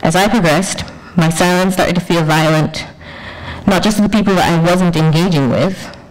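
A woman curator presenting a conference paper in a measured, poetic way, with deliberate pauses. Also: lowish voice, poor audio. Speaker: curator and researcher.

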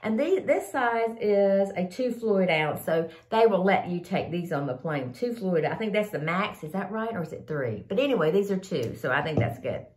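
A woman's voice: lowish voice, expressive, normal speed, hardly any pauses, a little mellow, echoey room. An older woman, chatting casually to camera about products she likes, a bit sniffly from a cold, rambling and calling viewers y'all. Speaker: vlogger sharing favorite products.

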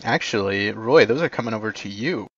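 A man commanding his team in an online game, giving brisk, polite tactical callouts and quick corrections. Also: on the low side, animated. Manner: brisk, polite, slightly apologetic. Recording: dull lo-fi mic capture.

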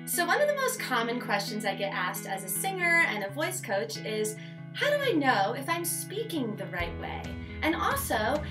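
A woman's voice: high voice, a bit bright, far from the mic. A woman singer and voice coach giving an upbeat, chatty online voice lesson with playful dares.

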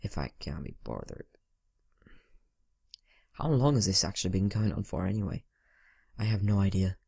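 A man's voice: deep voice, lively intonation, moderate pace, creaky, dark tone, slightly rough. A teenage boy giving rambling, casual commentary over a video game, talking to himself and mumbling asides. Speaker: gaming channel host. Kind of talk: casual let's-play commentary.

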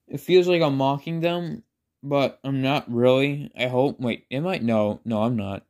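A man's voice: mid-range voice, measured pace, darkish tone. A man casually telling a made-up fan story, rambling with lots of filler words and self-conscious asides.

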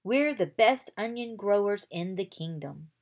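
A woman's voice: medium pitch, expressive, measured pace. A woman reading aloud as an eager, proud young farm boy who trains dragons.

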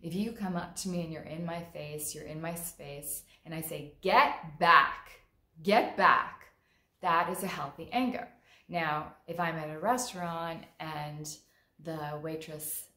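A woman's voice: sits low, steady tone, unhurried. A woman therapist speaking in a casual, frank and conversational way, acting out quoted lines vividly. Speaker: mental health therapist. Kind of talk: casual monologue talk. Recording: roomy echo.

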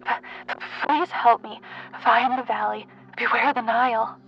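A woman's voice: fairly high pitch, fairly even intonation, a little slow, husky, dull audio. A woman voicing a manic, out-of-breath British male archaeologist who stammers frantically through a recorded audio transmission. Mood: frantic.

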